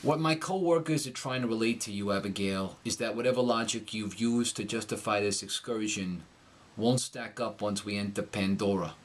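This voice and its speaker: A man voicing a wry male tour guide with a New York accent and a dry, deadpan delivery that lifts now and then. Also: on the low side, lightly acted.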